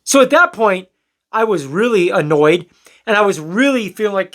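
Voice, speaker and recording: Talking casually to camera, this young storyteller vlogger shares something that happened to him, meandering and frank, swearing now and then and performing other people's lines. His pitch is high and a bit bright, expressive, at a moderate pace.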